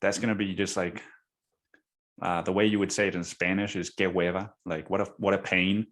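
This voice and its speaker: Speaking a little fast with a fairly low voice and little pitch movement, a young podcast host tells a story in a loose, slangy monologue. He swears often, keeps saying "dude" and "man," and jumps into high, shouted voices when quoting others.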